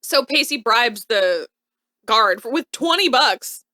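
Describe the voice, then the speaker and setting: A woman co-host talks through a TV episode in relaxed, chatty fashion, full of "like" and asides. Her voice is bright and very lively in pitch. The sound is dry and close. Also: slow pace, no room sound. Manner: lively, animated retelling with frequent "like". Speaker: co-host recapping a TV show. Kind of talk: casual chat.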